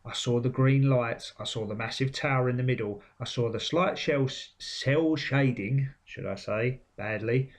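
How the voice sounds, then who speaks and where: A man's voice: medium pitch, unhurried, few pauses. A man giving blunt, sweary, opinionated commentary on video game trailers. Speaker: game vlogger. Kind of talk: casual commentary.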